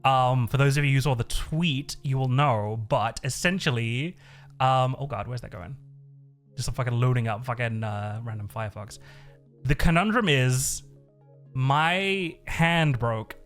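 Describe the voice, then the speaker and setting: A man's voice: mid-range voice, moderate pace. A man streaming live, chatting casually in a rambling way, swearing a lot and laughing often. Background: faint looping background music.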